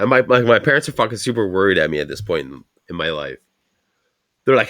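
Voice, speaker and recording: A man's voice: lowish voice, quick pace. A man, telling a rambling story full of swearing as a podcast host. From Canada. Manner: rambling, swears constantly, animated retelling. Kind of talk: casual profane storytelling.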